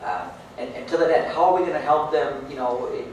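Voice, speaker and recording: Halting man speaking in a big echoey hall. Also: medium pitch, sing-song. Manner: halting, repeats words. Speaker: mayor in a debate. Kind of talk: debate answer. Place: large echoey hall, heard from far off. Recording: echoey hall, distant mic, faint hiss.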